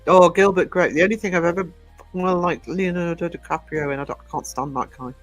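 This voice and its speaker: Soft music plays behind a man with a high voice who hosts a livestream. He talks a little fast in a steady tone, chatting casually and rambling as he answers live comments, full of hesitations and ums.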